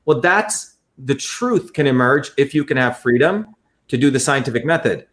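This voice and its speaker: A man's voice: mid-range voice, lively intonation, normal speed, a bit bright. A man talking in an interview, explaining at length in an earnest, lecturing way and often repeating his phrases. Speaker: guest.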